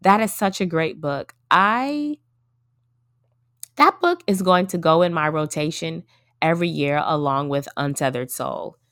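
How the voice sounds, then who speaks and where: Woman, 30s, solo podcast host; low register, dry close recording, earnest and reflective, chatty with her listeners. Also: moderate pace, no echo. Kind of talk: casual solo podcast talk.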